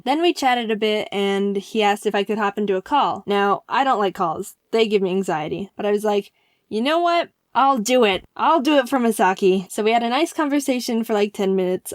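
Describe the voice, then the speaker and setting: A young adult woman narrating a comedic animated story in an excitable, self-mocking way. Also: mid-range voice, no echo, clean studio sound.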